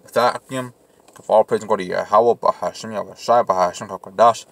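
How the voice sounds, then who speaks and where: A man's voice: on the low side, fairly even intonation, vocal fry, slight background noise. A young man reading archaic scripture aloud, stumbling and correcting himself now and then, and breaking off to comment in casual slang. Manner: reads archaic verses haltingly with slips, then comments in slang. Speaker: Bible teacher.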